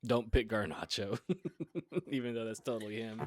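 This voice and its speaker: A man's voice: fairly low pitch, steady tone, normal speed, a little hiss or hum. A man hosting a casual chat, reading playful questions and laughing often. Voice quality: laughs often while asking. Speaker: podcast host asking questions.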